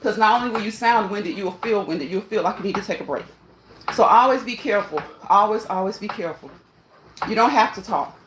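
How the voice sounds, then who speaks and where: Exercising on a machine indoors, a woman vlogs in a medium-pitched voice with lively intonation and a slightly fast pace. Somewhat out of breath, she laughs a lot, repeats herself, and cheers viewers on, with reverb and background noise in the audio.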